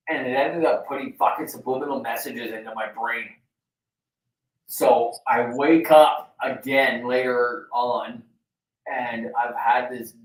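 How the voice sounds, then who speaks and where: A man co-hosting a casual chat show, rambling with lots of fillers and easy swearing. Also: mid-range voice. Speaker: show co-host. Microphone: video call. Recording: roomy, distant from the mic.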